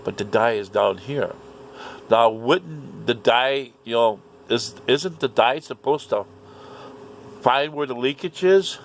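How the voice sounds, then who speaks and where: Slow, gravelly man ranting. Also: mid-range voice, a little hiss or hum. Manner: indignant, profane, repetitive. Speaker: vlogger. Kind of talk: ranting monologue to camera.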